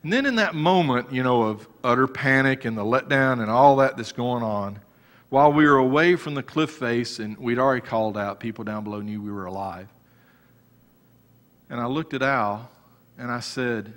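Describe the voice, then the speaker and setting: A man preaching a sermon as pastor, moving between raised exhortation and quiet personal storytelling. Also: mid-range voice, normal speed. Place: church sanctuary. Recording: church hall reverb.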